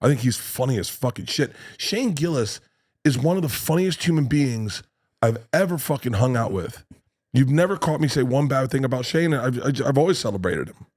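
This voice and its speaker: A male comedian guest telling a profane, animated story on a podcast. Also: mid-range voice. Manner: animated, swearing, quick storytelling with restarts.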